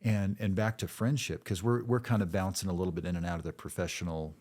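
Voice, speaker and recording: A man's voice: deep voice, steady tone, darkish tone. A middle-aged man, a former counselor and guest, speaking thoughtfully in a casual conversation. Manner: thoughtful, measured, with frequent restarts.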